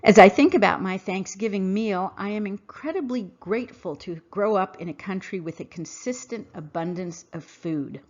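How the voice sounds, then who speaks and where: A woman hosting a podcast, reading a scripted monologue in an earnest, emphatic, measured way. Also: medium pitch, animated, a little mellow, highs cut off. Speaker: podcast host. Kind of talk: scripted monologue read aloud.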